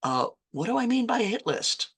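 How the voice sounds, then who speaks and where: A woman from Virginia gives a conversational writing workshop lecture, often correcting herself mid-sentence and tossing in chatty asides. Her fairly high, husky voice is very animated and brisk.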